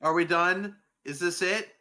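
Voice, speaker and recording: A man's voice: high-pitched, unhurried, sharp tone. A man co-hosting a live game stream, joking crudely and playfully. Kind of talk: live gameplay chat.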